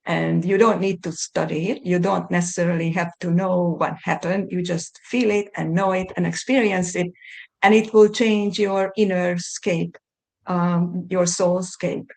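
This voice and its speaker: A middle-aged woman from Hungary with a Hungarian accent, a podcast guest talking thoughtfully and often pausing to find her words. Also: fairly low pitch, steady tone, gravelly, darkish tone. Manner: thoughtful, searching for words with many restarts. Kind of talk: conversational interview.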